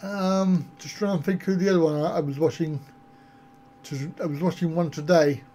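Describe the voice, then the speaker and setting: A man's voice: a little high, fairly even intonation, normal speed, mellow, a little hiss or hum. A man on a casual live stream, answering viewer comments in a rambling, self-mocking way. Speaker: travel vlogger answering live chat.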